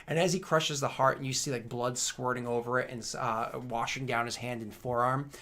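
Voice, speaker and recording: A man runs a tabletop game and describes the scene as game master. His voice is bright and forceful, and his narration is loose and halting, full of fillers and restarts. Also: medium pitch, fairly even intonation.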